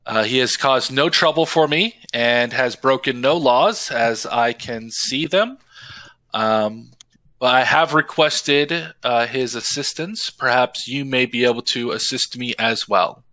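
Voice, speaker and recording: A man's voice: mid-range voice, unhurried, bright, forceful tone, no room sound. A man voicing a large built construct envoy who speaks formally and politely. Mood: courteous.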